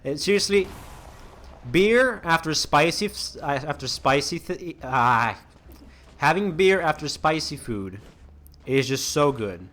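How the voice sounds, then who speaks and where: Rambling, slow-talking gamer guy. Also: a little high, lively intonation, fairly bright tone. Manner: rambling, many restarts and fillers, chatty asides. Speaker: gaming channel host. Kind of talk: casual let's-play commentary.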